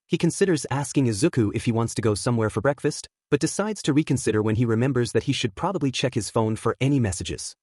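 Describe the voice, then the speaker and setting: A man narrating a fan fiction story aloud in a steady, even storytelling manner. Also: mid-range voice, no echo, clean studio sound. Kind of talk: audiobook reading of fan fiction.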